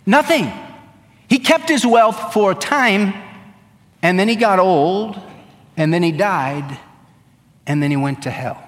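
Earnest male pastor, preaching with emphasis, somewhat high voice. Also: expressive, takes it slowly, pauses often, fairly bright tone, big-room sound. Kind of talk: sermon.

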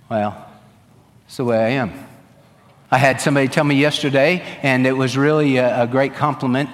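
A pastor delivers a sermon in a reverberant hall, earnest and emphatic, repeating phrases for effect. His mid-range voice moves briskly but pauses often.

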